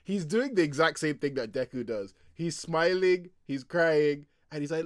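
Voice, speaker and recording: Excitable young man, dry close sound. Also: a little high, measured pace, no room sound. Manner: excitable, laughs often, loose filler-heavy talk. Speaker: manga reaction host. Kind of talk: casual reaction chat.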